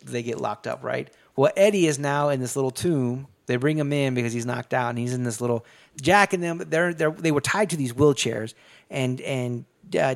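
Man retelling a movie, rambling and profane. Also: medium pitch. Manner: rambling, profane storytelling with many restarts. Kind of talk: casual movie recap chat.

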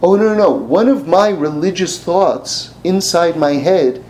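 A man's voice: high-pitched, a little slow, a little hiss or hum, poor audio. A man giving a sermon, telling stories and acting out the voices in them, with frequent laughs. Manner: animated, acts out voices in the stories, laughs often. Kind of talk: sermon with storytelling.

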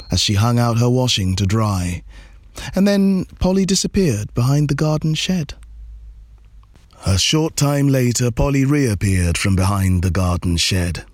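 Man, children's story reading, very slow, lively swooping pitch. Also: no room sound. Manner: slow, expressive, lingering on repeated words.

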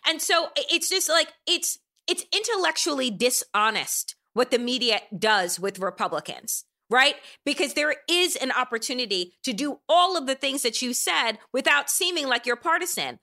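Female podcast host, indignant and emphatic, high bright voice. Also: animated, normal speed, few pauses. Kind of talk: heated political podcast discussion.

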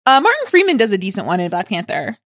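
A young woman co-hosting a podcast in casual chat, enthusiastic and quick with asides, laughing often. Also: medium pitch, huge pitch swings, no echo, studio quality. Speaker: podcast co-host.

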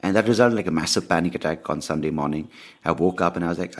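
Low-voiced man ranting candidly. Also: fast talker, gravelly. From India. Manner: candid, swearing, animated storytelling. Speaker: podcast host. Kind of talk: casual ranting monologue.

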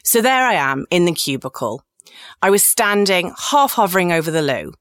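Woman, 40s, podcast host, lowish voice, dry close sound, frank and self-mocking storyteller. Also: sing-song, normal speed, fairly bright tone, no room sound. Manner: candid, cheeky and self-mocking. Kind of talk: comic personal storytelling.

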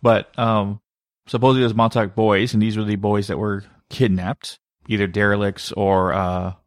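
A man with a low voice tells a story in an animated way and leans on filler words along the way. He is co-hosting a casual podcast. The mic is close and the sound is dry. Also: normal speed, no room sound. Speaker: podcast co-host. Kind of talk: casual conspiracy podcast chat.

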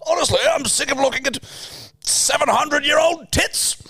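A man voicing a posh English man ghost who exclaims in a high, squeaky put-on voice. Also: moderate pace, creaky, bright, forceful tone, dry recording, full character voice. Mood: pleading.

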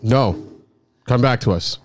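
A man hosting a casual podcast, joking and greeting loudly, his voice a bit cracked. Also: medium pitch, measured pace, dry recording, faint music behind. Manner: joking, hype-style greetings. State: scratchy voice cracking. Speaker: podcast host.

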